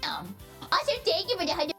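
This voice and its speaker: A young woman streamer in casual, rambling chat with her viewers, giggly and excitable. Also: very high voice, vocal fry. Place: home streaming setup.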